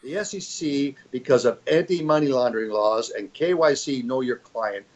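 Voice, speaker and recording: A man's voice: mid-range voice, moderate pace, lo-fi sound. An older man giving an interview as a fund executive, talking in a rambling, emphatic way with many restarts. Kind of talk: conversational interview.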